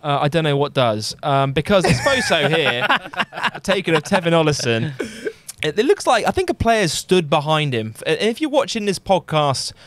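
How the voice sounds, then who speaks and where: A man's voice: fairly high pitch, very animated, moderate pace, no room sound. A man chatting on a podcast, amused and laughing often. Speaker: podcast host. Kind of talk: podcast chat.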